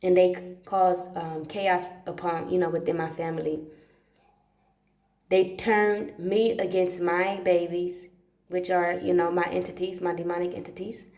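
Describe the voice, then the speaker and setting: A woman's voice: fairly low pitch, flat delivery, unhurried, darkish tone. Profane woman rambling in an echoey room. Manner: profane, repetitive, emphatic. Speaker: livestream host. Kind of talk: casual rambling monologue. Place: dark room at home.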